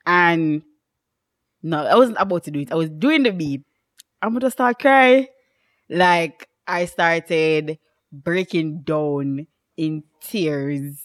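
A young woman, co-hosting a casual chat podcast and telling stories in an animated way, laughing often. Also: low-pitched, slow pace. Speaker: podcast co-host.

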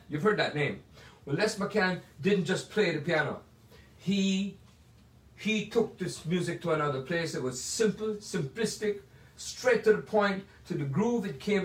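An older man from Jamaica with a Jamaican accent, telling rambling stories about his life as a jazz pianist, full of digressions and asides. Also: a little high. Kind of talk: casual storytelling. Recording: roomy sound from a distant mic.

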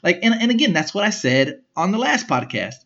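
A man's voice: high-pitched, sing-song, brisk, vocal fry, sharp tone. Young man, rambling podcast story, slangy and swearing, slightly dull lo-fi sound. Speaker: podcast host. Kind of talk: casual storytelling monologue.

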